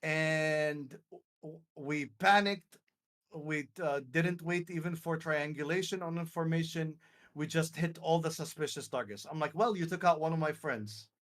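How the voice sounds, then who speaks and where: A man's voice: a little high, moderate pace, fairly bright tone. A young man from Lebanon telling a story on a live stream, acting out quotes and swearing freely. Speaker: streamer hosting a live call. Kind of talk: casual storytelling chat.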